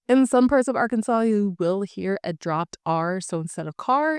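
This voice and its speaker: A woman's voice: medium pitch, lively intonation, moderate pace, clear, resonant tone, dry recording, clean studio sound. A woman from Eastern Oklahoma with a light Oklahoma accent, explaining a topic to camera in a chatty way, with casual asides and fillers. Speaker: real estate agent and channel host.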